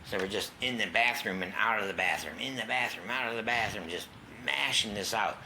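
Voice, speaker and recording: Man, very low voice, bright edge, casual, profane, raw personal storytelling. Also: fairly quick, slight background noise. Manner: casual, profane, drops to a whisper at tense moments. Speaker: guest sharing his recovery story.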